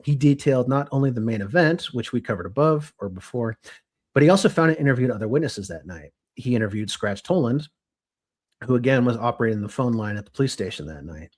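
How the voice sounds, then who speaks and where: A young adult man co-hosting a podcast, telling a story from his notes in a lively, casual way with frequent restarts. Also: mid-range voice, quick pace. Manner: animated, restarts and self-corrections. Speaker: podcast co-host.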